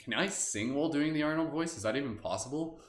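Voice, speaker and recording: A man's voice: a little high, fast, background noise. A man hosting a live-streamed guided meditation, talking loosely and rambling into silly asides between affirmations. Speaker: meditation host. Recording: roomy echo.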